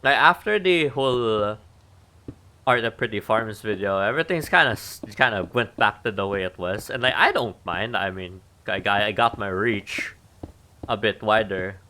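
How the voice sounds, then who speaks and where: A man's voice: on the low side, expressive, moderate pace, bright, forceful tone. A man streaming a game and chatting casually, thinking aloud about what he is building and poking fun at himself. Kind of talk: casual gameplay stream talk.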